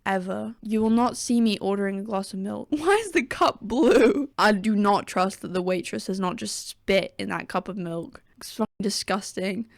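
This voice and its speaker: A young woman with a gravelly, fry-laden voice, recorded close and dry. She rants and jokes sarcastically through casual commentary and swears freely. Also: mid-range voice, steady tone, moderate pace, few pauses, no room sound. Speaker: gaming video creator. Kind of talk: casual tier-list commentary.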